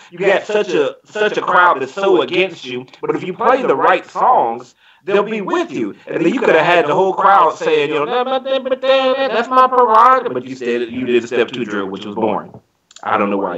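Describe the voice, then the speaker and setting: Male podcast panelist, animated, voice sitting a bit high, dull lo-fi recording. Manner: animated, breaks into snatches of song when describing a show. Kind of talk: casual podcast chat.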